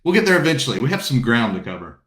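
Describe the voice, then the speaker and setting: This South Carolina man races through his words, very animated, with a medium-pitched, fairly bright voice in an echoey room. He's hosting a relaxed book launch video call, welcoming viewers by name and rambling along warmly.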